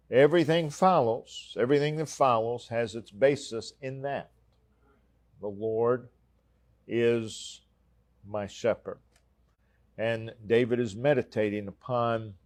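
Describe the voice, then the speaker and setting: A man preaching a sermon in church, slow and emphatic, repeating key phrases with conviction. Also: medium pitch, darkish tone.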